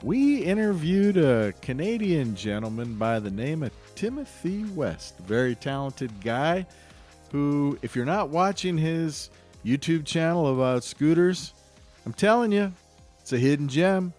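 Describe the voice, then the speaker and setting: A man's voice: on the high side, very animated, measured pace, darkish tone, soft background music. A man hosting a podcast, talking in a rambling, enthusiastic, chatty way. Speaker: podcast host. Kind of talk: casual podcast monologue.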